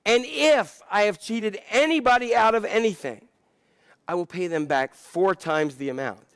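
Guy doing a little tax collector man, sorry and overwhelmed, blurting stuff out, pretty high voice. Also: normal speed, a bit bright, clean tone, no echo, clean studio sound. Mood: pleading. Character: small, remorseful, eager repentant tax collector man.

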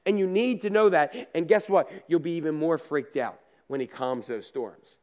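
Man, pastor, high-pitched voice, chatty sermon, plainspoken asides, loud then hushed. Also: normal speed. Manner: conversational storytelling with down-to-earth asides.

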